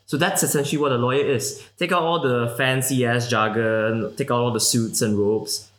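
A young man from Malaysia, a guest in a casual interview, talking quickly and loosely with lots of "like" fillers and the odd swear word. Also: mid-range voice, steady tone, fairly bright tone. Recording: roomy echoey recording.

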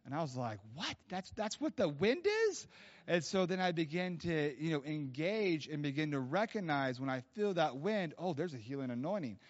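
A man preaching at a church, telling stories in a casual, animated way with many fillers. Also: on the high side, a little fast, hardly any pauses. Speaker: guest preacher. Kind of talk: storytelling sermon. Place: church hall. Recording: dull lo-fi sound.

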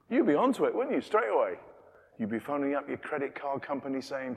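A man's voice: on the high side, expressive, fast, darkish tone. A man preaching a sermon in a chatty, self-interrupting way, acting out little everyday scenes as he goes. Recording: long reverb of a hall.

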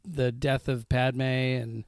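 A man's voice: mid-range voice, level tone, slow pace, clean tone, dry recording, clean studio sound. A man on a casual podcast chat, dropping brief, wry asides.

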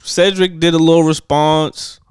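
A man's voice: fairly high pitch, flat delivery, measured pace, darkish tone, clean tone, dry recording, studio quality. A man co-hosting a casual podcast chat, rambling and profane, full of fillers. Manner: laid-back, profane, rambling with many fillers. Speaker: podcast co-host.

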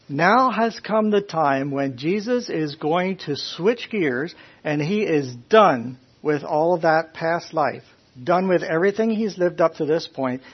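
Husky-voiced man preaching to a class. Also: on the high side. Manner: questions the listeners, folksy, animated. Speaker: preacher teaching a Bible class. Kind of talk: conversational sermon. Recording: dull lo-fi recording.

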